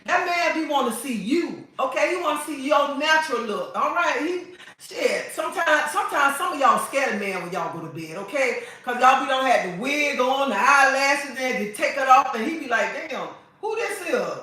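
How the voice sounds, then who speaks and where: A woman livestream host, sassy and preachy as she lectures her viewers and calls them honey. Her voice is bright and sharp. It is caught from a distance in a roomy, echoing space. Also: sits high, expressive, moderate pace. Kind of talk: casual livestream chat. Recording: echoey room, mic at a distance.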